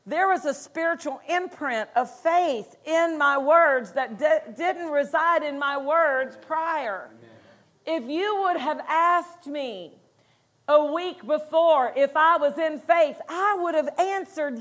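A woman's voice: sits high, takes it slowly, fairly bright tone. A woman pastor preaching a sermon in a conversational way, acting out quotes and laughing between points.

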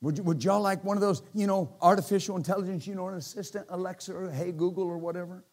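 Animated pastor preaching a sermon. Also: male voice, high voice, fast. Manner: animated, joking, swings from quiet to shouting.

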